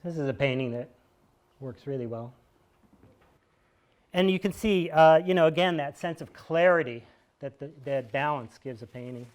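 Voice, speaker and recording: A man's voice: fairly high pitch, moderate pace, long pauses. An American man in his fifties gives a conversational storytelling monologue to an audience in a small theater, with wry, digressive asides and chuckles. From United States. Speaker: solo performer speaking to an audience.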